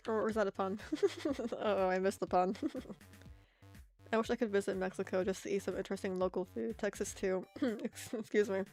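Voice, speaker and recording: A woman's voice: medium pitch, moderate pace, a little mellow, faint music behind. Chatty American woman streamer, laughing often. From United States. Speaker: art streamer. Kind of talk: casual chat with stream viewers.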